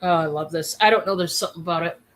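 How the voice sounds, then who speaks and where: A woman hosting a casual live-stream sale, chatty and excitable, with many fillers. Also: lowish voice, racing.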